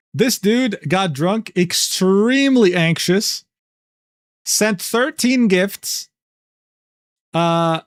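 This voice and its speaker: A man's voice: high voice, no echo. A man reacting casually on a livestream, incredulous and slangy, often breaking into laughs. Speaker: streamer reacting to a document.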